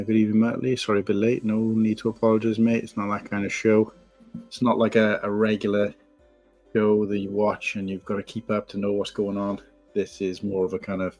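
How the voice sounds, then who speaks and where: Guy chatting on a home live stream, low husky voice, faint music behind. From England. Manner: rambling, chatty, greets viewers by name. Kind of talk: casual live-stream chat. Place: home room at night. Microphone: desk mic, no headphones. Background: quiet background music.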